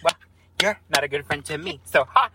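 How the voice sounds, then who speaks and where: A man co-hosting a podcast, teasing his friend and breaking into high laughs. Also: a little fast, very noisy. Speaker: podcast co-host. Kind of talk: casual chat.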